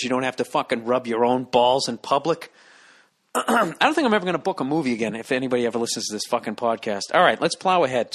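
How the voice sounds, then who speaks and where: A man's voice: mid-range voice, a bit bright. A middle-aged man hosting a solo podcast, rambling in a sarcastic, profane rant full of asides. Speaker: podcast host.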